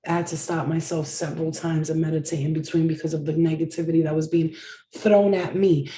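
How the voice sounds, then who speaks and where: A woman's voice: lowish voice, dark tone, reverberant. A woman giving a casual live-stream tarot reading, blunt and profane, often chanting phrases over and over. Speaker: tarot reader.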